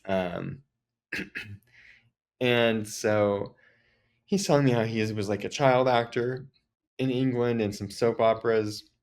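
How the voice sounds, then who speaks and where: A man with a fairly low voice tells a story as a podcast host. He talks in a loose, chatty way and fills his sentences with "like" as he goes. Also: slow, long pauses. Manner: chatty, frequent "like" fillers. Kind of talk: casual storytelling.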